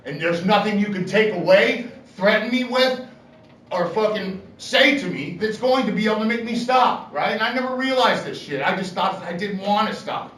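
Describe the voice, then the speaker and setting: A man's voice: high voice, animated, moderate pace, fairly bright tone, echoey room, recorded from a distance, a little hiss or hum, rough recording. A middle-aged man telling his recovery story at a meeting, blunt and profane, often checking in with "right?". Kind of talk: personal recovery talk. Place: meeting room.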